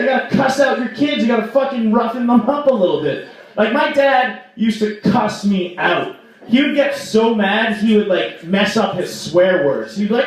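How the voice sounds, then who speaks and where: A man's voice: high voice, animated, normal speed. A young man performing a rambling stand-up set at an open mic in a small bar, with lots of "like" and mock outrage. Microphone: stage microphone. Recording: echoey room, voice from far off.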